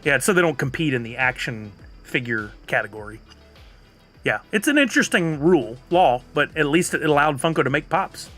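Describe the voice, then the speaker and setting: Man, live streamer, casual chat, fairly high voice, faint music behind. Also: expressive, normal speed, a bit bright. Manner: chatty, reads viewer comments aloud and answers them. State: has the hiccups.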